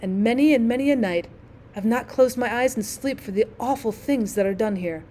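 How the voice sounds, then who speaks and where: A woman voicing an old female housekeeper in a storybook reading, speaking low, slow and hushed with a mysterious, ominous air. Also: slight background noise, natural voice. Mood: fearful.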